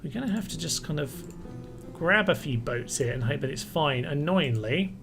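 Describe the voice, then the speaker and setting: Wry male game streamer, higher voice. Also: lively intonation, normal speed, creaky. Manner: wry, mildly exasperated, thinking aloud. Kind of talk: casual gameplay commentary. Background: faint music and air conditioner rumble.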